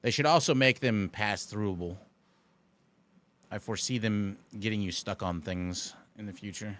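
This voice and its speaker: Man, live game streamer, casual commentary, dry sarcastic banter, lowish pitch. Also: moderate pace, fairly bright tone.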